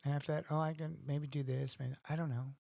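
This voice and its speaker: A man's voice: fairly high pitch, flat delivery, fast talker, gravelly, warm tone, no room sound, studio quality. A middle-aged man, a guest in a casual conversation, telling earnest stories and acting out his own thoughts.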